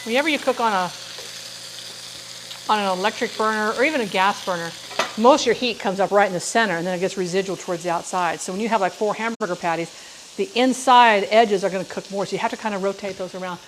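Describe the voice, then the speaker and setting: A woman's voice: medium pitch, quick pace, a little hiss or hum, rough recording. A middle-aged woman hosting a live cooking demonstration from her kitchen, chatting and telling rambling stories as she cooks. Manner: rambling, warm storytelling with frequent asides to viewers. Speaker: cooking show host. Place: home kitchen. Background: sizzling frying pan.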